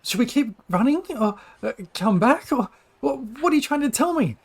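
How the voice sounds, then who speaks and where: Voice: medium pitch, big pitch swings, measured pace, darkish tone, voice pushed up. A nervous young traveler woman stammers out anxious questions in a raised, fluttering voice, put on by the game master. Her words trip over themselves in a tabletop game. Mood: uncertain. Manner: hesitant, stammering.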